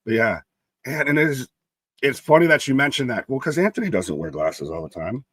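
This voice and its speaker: A man's voice: mid-range voice, big pitch swings, brisk, a bit bright, slightly rough, dry recording. A young man co-hosting a live wrestling stream, chatting casually and reading out viewer comments by name. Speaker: co-host of a live wrestling watch-along stream.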